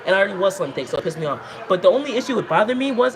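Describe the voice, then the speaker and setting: A woman telling long, rambling, profane stories to her livestream chat, talking in an animated way. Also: mid-range voice, rapid-fire, a crowd in the background. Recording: noisy background.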